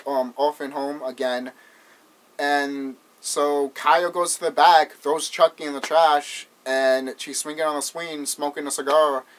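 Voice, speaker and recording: A man's voice: mid-range voice, a little hiss or hum. Rambling, swearing man recapping a movie. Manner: rambling, swears a lot, laughs while retelling. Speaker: movie reviewer.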